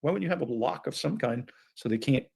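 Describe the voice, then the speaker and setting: A man's voice: medium pitch, lively intonation, brisk, creaky, a little mellow, slightly rough. A man with interrogation experience talking through a case on a true crime panel in a casual, analytical way. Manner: analytical, questioning.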